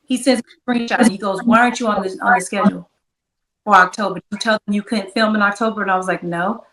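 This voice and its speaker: A woman's voice: medium pitch, fast talker, echoey room, far from the mic, low-quality recording. A woman guest telling a long story in an interview, acting out the back-and-forth of quoted dialogue. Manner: animated, acts out quoted dialogue.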